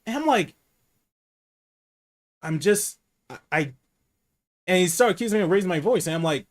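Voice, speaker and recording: A man hosting a casual livestream chat, candid and profane, who says he speaks low and rambles with restarts. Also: lively intonation, normal speed, pauses often.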